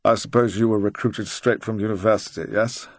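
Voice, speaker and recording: A man voicing a dry, probing retired agent of fifty, speaking slowly and quietly. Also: on the low side, fairly even intonation, dry recording, natural voice. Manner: slow, quiet, deliberate.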